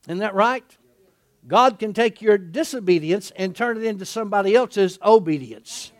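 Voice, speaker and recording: A middle-aged man preaching a lively sermon in a folksy way. He laughs often, asks his listeners "isn't that right?" and acts out the people in the passage he is reading. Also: high-pitched, moderate pace. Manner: animated, folksy, laughing often, acting out quotes.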